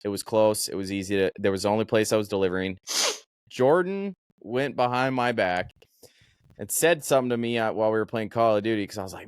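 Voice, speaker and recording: Animated, profane man telling a story. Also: on the low side, quick pace, smooth, no echo, clean studio sound. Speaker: podcast host. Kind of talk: casual storytelling chat.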